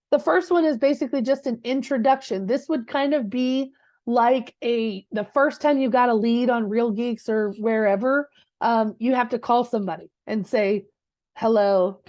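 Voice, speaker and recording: A real estate coach runs a live teaching session, speaking to her class in a direct, conversational way and checking in with listeners through frequent rhetorical "right?"s. Her voice sits on the high side with a darkish tone, and there's no room sound.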